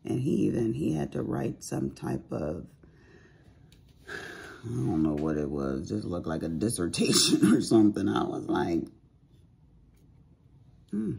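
A woman with a raspy, deep voice chatting casually to viewers at home while she does diamond painting, full of asides. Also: animated, measured pace, dark tone. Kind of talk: casual chat while crafting.

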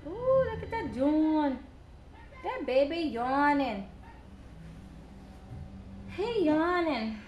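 Young woman, high voice with big swoops, baby-talking to her son in a roomy home recording. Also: very animated, drawn-out words, pauses often, muffled recording. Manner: cooing baby talk to her infant son, chatty asides to viewers. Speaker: vlogger and new mother. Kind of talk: casual home vlog. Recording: roomy echo, faint background noise.

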